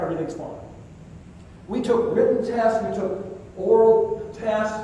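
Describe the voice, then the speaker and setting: Older male keynote storyteller, voice pitched high, distant and roomy hall sound. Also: dark tone, a little hiss or hum. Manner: vivid storyteller, acts out dialogue. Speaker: keynote speaker. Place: conference hall. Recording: echoey hall, distant mic.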